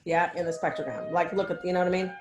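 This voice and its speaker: A woman's voice: lowish voice, quick pace, music in the background. Rambling woman with an echoey call sound. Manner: rambling, filler-heavy, checks in often. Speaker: research mentor. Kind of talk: casual meeting feedback.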